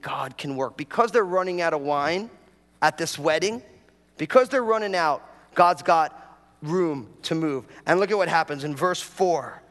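Animated high-voiced man preaching in a hall. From New York. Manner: animated storytelling, acts out prayers in a raised voice. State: a bit dehydrated after travel. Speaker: pastor. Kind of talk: humorous sermon. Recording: hall reverb.

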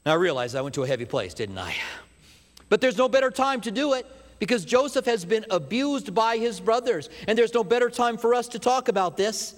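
A man preaching a sermon as a pastor, an animated storyteller who drops to hushed emphasis, heard in a church sanctuary. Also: high-pitched, brisk. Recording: long hall reverb.

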